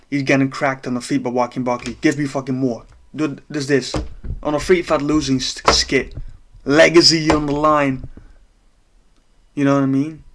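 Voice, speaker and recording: A man breaking down a fight in a casual, profane rant, exasperated and laughing at times. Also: a little high. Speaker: MMA commentator.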